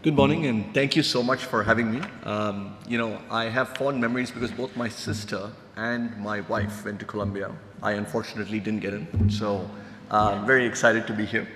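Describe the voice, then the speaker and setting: A man's voice: lowish voice, fairly even intonation, brisk, a bit bright, a little hiss or hum. A man speaking as a panel speaker at a conference, explaining earnestly with many fillers. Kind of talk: conference talk. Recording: echoey hall.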